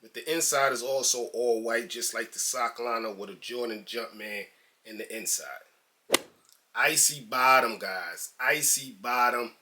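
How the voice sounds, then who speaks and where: Bright-voiced man reviewing sneakers casually. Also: lowish voice, steady tone, normal speed, slight background noise. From New York. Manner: laid-back and slangy, calls viewers guys and man.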